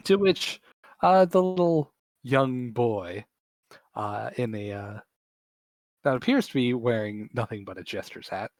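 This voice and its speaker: A man running a tabletop game, talking in a relaxed, halting way with plenty of "uh"s between beats of the scene. His voice sits at an ordinary mid pitch, and the sound is dry and close. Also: no room sound. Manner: laid-back, hesitant narration with many fillers. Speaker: game master.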